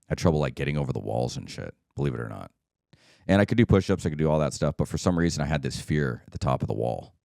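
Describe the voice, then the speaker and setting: Man, podcast host, casual solo talk, very low voice, dry close recording, keeps asking "right?". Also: big pitch swings, fast, gravelly, dark tone, no echo. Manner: conversational, checks in with "right?" and "okay?".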